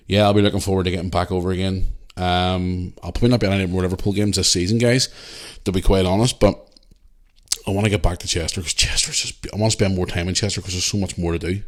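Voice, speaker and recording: Northern Irish man, podcast host, lowish voice, animated, swears a lot, casual solo chat. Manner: animated, swears freely, retells arguments with heat.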